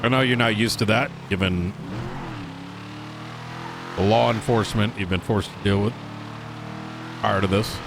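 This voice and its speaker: A man's voice: lowish voice, fairly even intonation, a little slow, vocal fry, pauses often, background noise. A man streaming a role-play game, bantering and giving orders in character. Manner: bantering, laughing, bossy in character.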